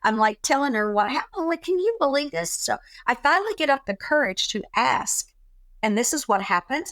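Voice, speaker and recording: A middle-aged woman talking in a relaxed chat, telling a personal story and acting out the voices of people in it. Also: on the high side, fairly quick, no echo. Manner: animated, acts out quoted dialogue. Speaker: guest.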